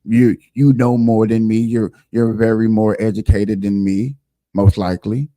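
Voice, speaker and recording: A man's voice: fairly low pitch, little pitch movement, normal speed, warm tone, no room sound, studio quality. A man hosting a casual livestream show, talking emphatically and directly to his viewers.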